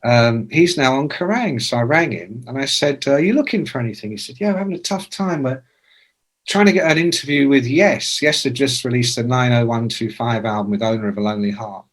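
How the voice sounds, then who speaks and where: A man in his sixties, a music journalist, telling anecdotes as a podcast guest, casual and swearing, with loud imitations. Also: mid-range voice, brisk. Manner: animated anecdotes with shouted imitations. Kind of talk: casual storytelling.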